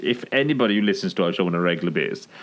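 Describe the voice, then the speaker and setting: Low-voiced excitable man. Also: rapid-fire. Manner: excitable, heavy use of "like" fillers. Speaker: podcast co-host. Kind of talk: casual chat.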